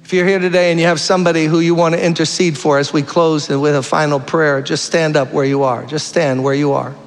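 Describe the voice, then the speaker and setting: A man's voice: a little high, fairly even intonation, brisk. Fervent male preacher in a reverberant church. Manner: fervent, appealing, storytelling preacher. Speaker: guest preacher. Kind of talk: sermon. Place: church sanctuary.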